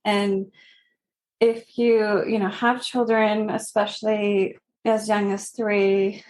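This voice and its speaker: Casting: woman in her thirties, podcast guest, slow and earnest, mid-pitched. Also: little pitch movement. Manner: slow, earnest, laughing softly between phrases. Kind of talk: personal story in a podcast interview.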